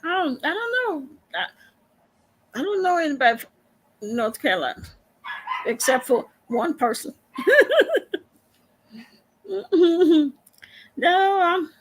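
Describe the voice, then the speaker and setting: A Texan woman hosts a casual live stream, answering viewer comments. Her high voice swings widely as she talks, slow and drawn out, and she laughs often and trips over repeated words. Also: sing-song, rough recording. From Texas. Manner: laughs often, drawls, stammers. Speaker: livestream host. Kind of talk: casual livestream chat reading comments.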